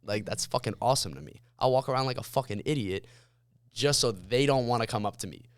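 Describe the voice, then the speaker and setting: A man talking as a podcast guest in a loose, profane, animated way. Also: mid-range voice, fast talker, smooth, dry recording. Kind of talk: casual chat.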